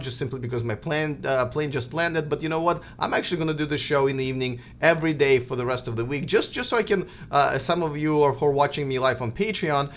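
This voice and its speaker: A man's voice: a little high, a bit bright, slight background noise. A man with a Russian accent hosting a live stream, chatting casually with many fillers and restarts. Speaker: host of a live stream show.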